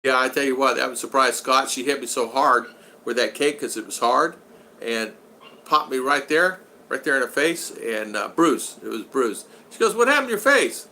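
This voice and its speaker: Bright-voiced man hosting a live chat. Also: mid-range voice, normal speed, creaky, a little hiss or hum. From United States. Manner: chatty, greets viewers by name, reads chat aloud. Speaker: vlogger hosting a live stream. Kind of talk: casual live-chat talk.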